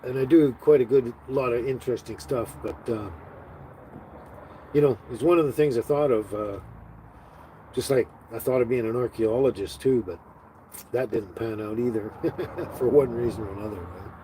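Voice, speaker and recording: A man's voice: medium pitch, moderate pace, long pauses, warm tone, a little hiss or hum, rough recording. A man hosting a casual live stream from his tiny house. He rambles, stops and restarts often, and uses many fillers. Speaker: livestream host.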